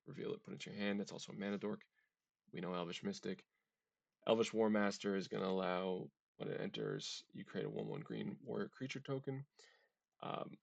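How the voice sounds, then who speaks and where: A man's voice: on the low side, vocal fry, no echo. A man hosting a casual card-game deck walkthrough, chatty and often tripping over card names. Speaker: deck tech host.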